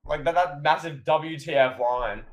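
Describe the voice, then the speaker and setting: A man's voice: fairly high pitch, measured pace, low-quality recording. A man co-hosting a podcast in casual chat, rambling through stories with many fillers. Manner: rambling, filler-heavy storytelling, acts out quotes. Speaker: podcast co-host.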